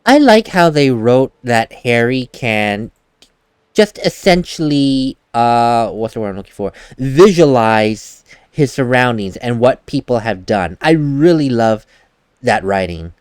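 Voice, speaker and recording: A man's voice: mid-range voice, lively intonation, a little slow, a little mellow, smooth, dry recording, studio quality. A man giving casual gameplay commentary as a let's play host, chatty and laughing at himself, at a desk mic at home.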